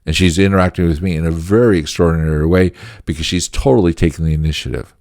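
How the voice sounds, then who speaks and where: A man's voice: deep voice, steady tone, fast talker, darkish tone, no room sound, clean studio sound. A middle-aged man hosting a management teaching channel, telling a workplace story in an earnest, emphatic way with short laughs. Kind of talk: storytelling lesson talk.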